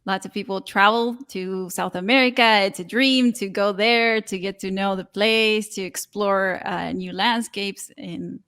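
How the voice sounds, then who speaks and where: Guest: argentine woman, spanish native, mid-pitched, measured clear answers. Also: fairly even intonation, fairly bright tone. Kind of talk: interview answers.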